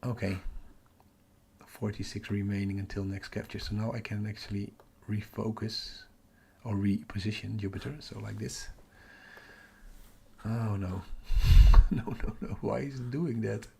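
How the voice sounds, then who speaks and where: A middle-aged man hosting a night-time telescope livestream from home, half-whispering so he doesn't wake the house, muttering to himself over his capture software. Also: fairly low pitch, fairly even intonation, unhurried, gravelly, breathy edge. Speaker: astrophotography livestream host. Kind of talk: live stream commentary, talking to chat.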